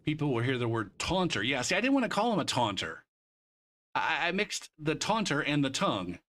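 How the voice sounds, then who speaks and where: A man's voice: fairly high pitch, very animated, a little fast, a bit bright. A male streamer chatting casually with his viewers while playing, arguing and swearing freely. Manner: argumentative, bantering with chat. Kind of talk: casual live-stream chat while gaming.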